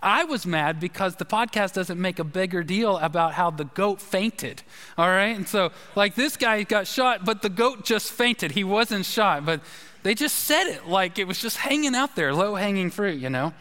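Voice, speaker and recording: Man, pastor, sermon, high voice, conversational storytelling, long hall reverb. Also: lively intonation, normal speed, pushed and bright.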